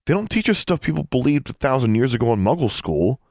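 A man's voice: medium pitch, big pitch swings, fast, a little mellow, dry recording, clean studio sound, voice pushed up. A man doing a grumbling teenage boy. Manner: sulky, grumbling.

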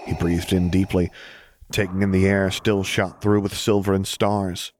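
Deep-voiced man reading a story. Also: level tone, measured pace, darkish tone, a little hiss or hum. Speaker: narrator. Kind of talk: audiobook reading.

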